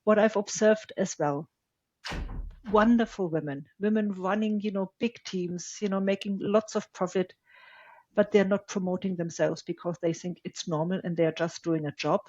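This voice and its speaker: A woman's voice: mid-range voice, steady tone, normal speed, dark tone, no room sound. A woman hosting an interview, asking long, thoughtful questions in a casual way. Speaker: podcast host. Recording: dull dry lo-fi audio.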